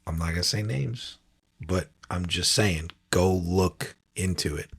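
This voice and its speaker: A man co-hosting a podcast, chatting in excited, laughing banter. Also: sits low, a little slow, creaky, slightly rough. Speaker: podcast co-host. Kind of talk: casual chat.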